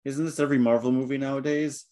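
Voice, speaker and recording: A woman's voice: a bass voice, fairly even intonation, fast talker, dark tone. A woman joking and teasing her co-hosts in a casual movie podcast. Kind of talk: casual film discussion.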